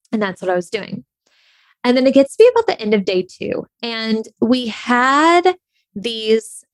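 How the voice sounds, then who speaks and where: A woman's voice: medium pitch, dry recording. A woman telling a personal story in a casual, candid way, full of "like" and "you know.". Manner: chatty and candid, heavy on fillers like "like". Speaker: online creator.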